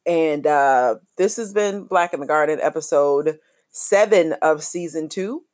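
A woman hosting her own podcast, speaking. Her voice sits a little low, and she talks in a loose, warm-hearted, slangy way, full of shout-outs to her listeners. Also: a little slow, no room sound, studio quality. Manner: lively, chatty, affectionate, uses slang. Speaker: podcast host. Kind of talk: casual podcast outro.

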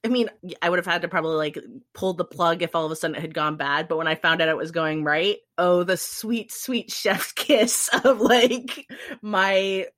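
A woman co-hosting a podcast, chatting casually and acting out quotes in a lively, swearing storytelling manner. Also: fairly low pitch, normal speed, no echo. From California. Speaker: podcast co-host. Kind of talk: casual chat.

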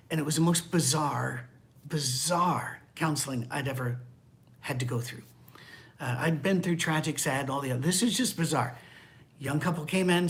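An older man preaching a conversational sermon, candid and wry, dropping into hushed asides. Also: fairly high pitch, vocal fry. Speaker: pastor.

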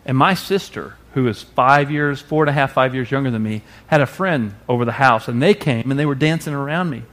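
A man preaching a sermon as pastor, expressive, now and then acting out voices. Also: medium pitch, fairly quick, slight background noise. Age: adult parent. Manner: expressive preacher, acts out quoted voices loudly.

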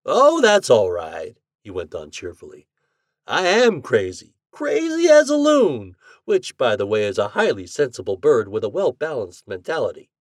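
A man reading an audiobook voices a cheerful, eccentric scientist who lectures with drawn-out emphatic stresses. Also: medium pitch, wildly swooping pitch, dry recording, clean studio sound. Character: eccentric male scientist, cheerful self-declared mad genius.

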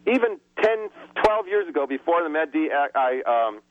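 Male radio caller, fairly high voice, lively and indignant, muffled phone line. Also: moderate pace, a little hiss or hum. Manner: animated, indignant ranting. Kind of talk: phone-in chat. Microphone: telephone.

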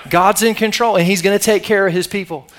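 Speaking fast in a high, fairly bright, steady voice, a middle-aged pastor delivers his sermon in a conversational way. He keeps prompting the congregation for responses.

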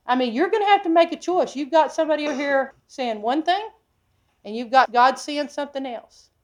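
A woman preacher teaching a sermon from the Bible, emphatic, often asking her listeners questions and moving between loud and hushed delivery. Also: high voice, brisk. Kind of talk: expository sermon.

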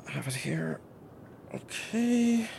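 A man's voice: fairly high pitch, big pitch swings, slow pace, creaky, darkish tone, breathy edge, heavily acted. A man playing a bumbling detective who hesitates and fumbles.

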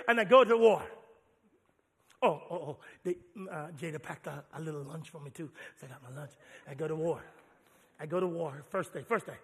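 Pastor guy telling stories in a sermon, bright high voice, big echoey church. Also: a little fast, breathy edge. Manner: animated storytelling, playful and folksy.

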